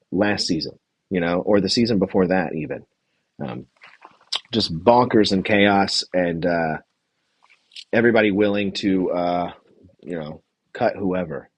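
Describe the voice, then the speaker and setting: A man's voice: low voice, darkish tone, slightly rough, no room sound. A man hosting a casual livestream recap, rambling and chatty as he reads from his notes and greets the chat. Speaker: podcast host recapping a reality show.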